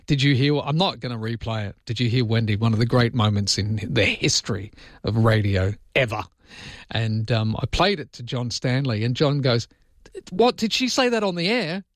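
Chatty Welsh radio host with a lisp. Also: male voice, medium pitch, moderate pace, dry recording, clean studio sound. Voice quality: slight lisp. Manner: chatty, reading listener texts and giving firm opinions. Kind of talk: casual talkback radio. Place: radio studio. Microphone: studio microphone.

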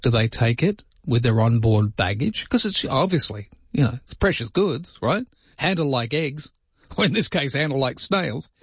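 A man hosting a radio show in easy, rambling chat, his voice jumping up high when he marvels at something. His tone is a little husky and breathy. The recording is dry and close, with a muffled, lo-fi quality. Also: dry recording. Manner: chatty, wondering aloud, lively pitch jumps on asides. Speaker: radio host.

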